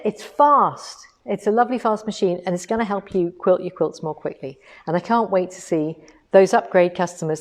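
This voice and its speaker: An enthusiastic woman chats through a livestream demo, full of asides and rhetorical questions. Her voice sits at an ordinary middle pitch. She talks warmly and casually to her viewers. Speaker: co-host of a quilting shop livestream.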